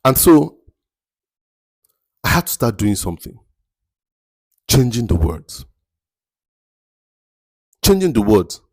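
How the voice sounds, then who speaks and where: A man with a Nigerian accent hosting a faith-based motivational podcast, speaking slowly and deliberately and repeating words for emphasis. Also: medium pitch, sing-song, a little mellow, no echo, clean studio sound. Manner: slow, deliberate, picks words carefully with emphatic repetition. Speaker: podcast host.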